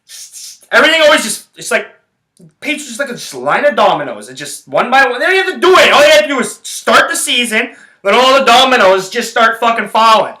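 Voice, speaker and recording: A man's voice: extremely high pitch, very animated, fairly quick, bright, forceful tone, echoey room, rough recording. A man hosting his own podcast, ranting about sports in a rambling, profane, heated way. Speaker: podcast host. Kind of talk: casual sports rant.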